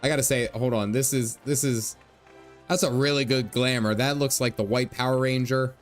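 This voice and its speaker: A man's voice: mid-range voice, fairly even intonation, normal speed, soft background music. A man streaming a game, giving casual, chatty commentary with frequent laughs and casual swearing. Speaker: gaming streamer.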